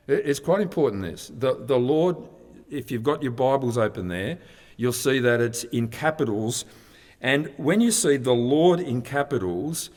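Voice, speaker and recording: A man preaching a sermon, explaining in a conversational way and often restarting his sentences. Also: mid-range voice. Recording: long reverb of a hall.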